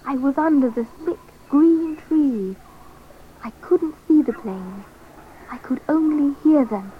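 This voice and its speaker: A woman with a high voice narrates a story in the first person at a slow, deliberate pace. The recording is slightly muffled and carries a faint hiss.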